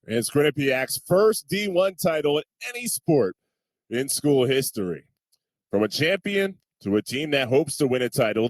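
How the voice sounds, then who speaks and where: A man anchoring a sports news roundup, reading scripted highlights in a brisk, even delivery. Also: dry recording.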